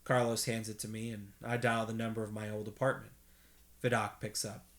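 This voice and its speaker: A man reading a novel aloud at bedtime in a steady first-person narration, with an occasional slip. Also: lowish voice, brisk. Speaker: reader, host.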